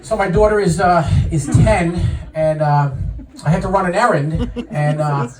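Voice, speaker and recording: A middle-aged man from New York doing a stand-up comedy set, telling stories in a deadpan way and pausing before each punchline. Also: on the high side. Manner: deadpan storytelling with punchline pauses. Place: comedy club stage. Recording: roomy live venue, mic heard from a distance.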